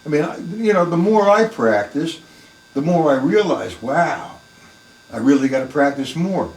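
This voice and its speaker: A man's voice: fairly high pitch, expressive, unhurried, darkish tone, reverberant, recorded from a distance, poor audio. A man teaching a live online drum lesson, plain-spoken and emphatic, talking through the strokes as he plays them in his practice room.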